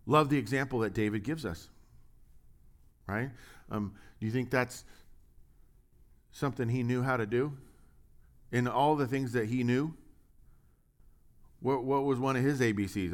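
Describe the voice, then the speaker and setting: A male pastor delivers a sermon with a lively, mid-range voice. He keeps firing rhetorical questions at the congregation and slips in light humor between points. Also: mid-range voice, moderate pace, pauses often.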